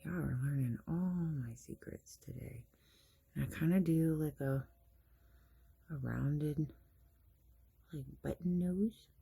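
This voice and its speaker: A woman talks through her morning makeup routine in a casual, chatty way, explaining each step as she goes. Her voice is slightly husky. She often pokes fun at herself. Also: low-pitched, slow pace, pauses often, warm tone. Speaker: makeup vlogger.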